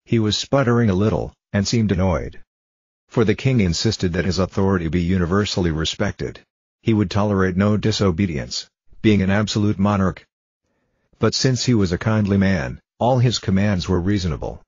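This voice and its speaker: Male storybook reader, calm and measured, deep husky voice, dull dry lo-fi recording. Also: no echo. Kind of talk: reading a storybook aloud for English learners.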